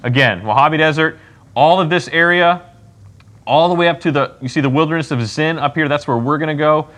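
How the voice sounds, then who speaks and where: A man's voice: on the high side, fairly quick, fairly bright tone. A man leading a Bible study, talking casually and often checking in with "okay?" as he acts out what people would say. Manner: conversational, acts out people's lines. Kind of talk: casual teaching.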